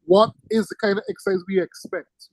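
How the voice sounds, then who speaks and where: A male teacher giving a classroom lecture, lively and teasing, firing questions at his students. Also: sits high, fairly quick, poor audio.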